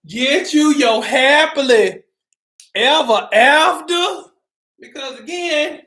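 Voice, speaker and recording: A woman hosting a casual live stream, upbeat and greeting her viewers by name, sometimes calling out loudly. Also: sits high. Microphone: camera mic. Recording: roomy echo.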